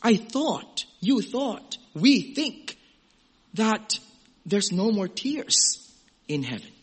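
A man preaching a sermon in a conversational, animated way, swinging from loud exclamations to hushed, gentle passages and acting out little quoted voices. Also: high-pitched, extremely slow, husky. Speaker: pastor.

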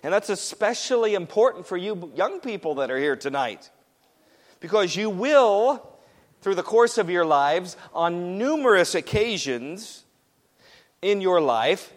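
A man's voice: sits high, long reverb tail. A man preaching a sermon to a congregation, emphatic and repetitive as he presses each point home. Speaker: pastor.

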